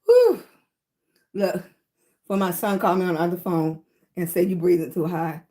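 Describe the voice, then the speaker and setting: A woman's voice: fairly low pitch, moderate pace, warm tone. A middle-aged woman chatting casually with her livestream viewers, short of breath, laughing often and greeting people by name. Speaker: livestream host.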